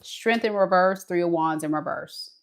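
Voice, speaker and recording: Animated woman giving a tarot reading. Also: fairly low pitch, moderate pace, vocal fry. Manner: expressive, talks to viewer directly, voices the other person's thoughts dramatically. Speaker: tarot reader. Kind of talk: casual tarot reading monologue.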